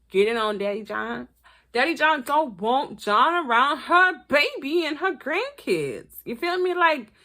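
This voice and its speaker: A woman giving blunt, profane, animated commentary as she reviews a reality TV episode. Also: on the high side. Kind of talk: casual commentary vlog.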